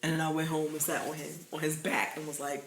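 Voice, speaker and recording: A young woman, co-hosting a podcast, telling stories in an animated, profane way and laughing through them. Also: deep voice, fast talker, slight background noise. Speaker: podcast co-host. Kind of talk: casual storytelling chat. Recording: echoey room.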